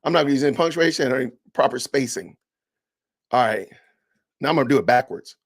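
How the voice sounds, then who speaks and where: A man hosting a podcast livestream, reading comments aloud with animated, indignant, preachy ranting. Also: mid-range voice, fast, long pauses. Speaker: podcast host.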